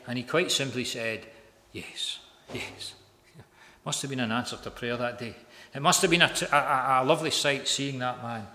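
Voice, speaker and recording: A man's voice: medium pitch, pushed and bright. Guy preaching a story sermon, repeats stuff for emphasis, big echoey hall, faint room noise. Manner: emphatic, repeats phrases for effect. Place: large hall. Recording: echoey hall with long reverb.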